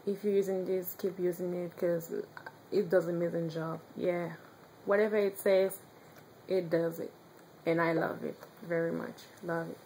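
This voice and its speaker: A young woman with a strong Haitian accent, chatting casually in a home video, now and then pausing to search for words. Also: on the low side, flat delivery, a little mellow, slight background noise, poor audio. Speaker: vlogger. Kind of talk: casual chat.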